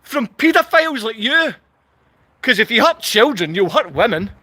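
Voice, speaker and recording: A man's voice: very high-pitched, big pitch swings, moderate pace, pushed and bright. A man with a Glasgow accent ranting angrily to camera, hurling insults and repeating himself. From Scotland. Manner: furious, insulting, repetitive ranting. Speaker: vlogger. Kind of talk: angry direct-to-camera rant.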